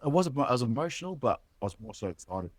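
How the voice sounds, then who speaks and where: A New Zealand man in his late thirties, a former rugby player, talking casually as a podcast guest, halting and calling the host "bro". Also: medium pitch, sing-song, no echo. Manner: halting, many fillers and restarts, says "bro" often. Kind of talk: casual conversational interview.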